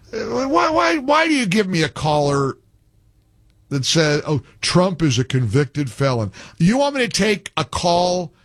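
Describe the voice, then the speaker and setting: Animated wisecracking male radio host. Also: medium pitch, no room sound. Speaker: radio talk show host. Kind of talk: call-in radio talk.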